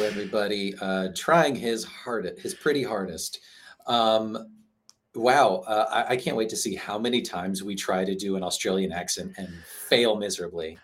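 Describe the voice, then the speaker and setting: A man's voice: on the low side, moderate pace. A man co-hosting a casual movie podcast, playful and teasing, laughing often. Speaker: podcast co-host.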